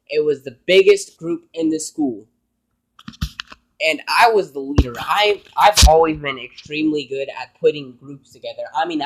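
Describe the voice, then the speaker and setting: A man's voice: fairly high pitch, a little hiss or hum, poor audio. A man vlogging, telling an emotional personal story in an earnest, rambling way.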